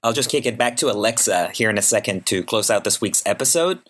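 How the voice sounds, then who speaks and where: A man giving a short scripted announcement for the show in a plain, brisk way. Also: on the low side, animated, fairly bright tone. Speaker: show host or producer.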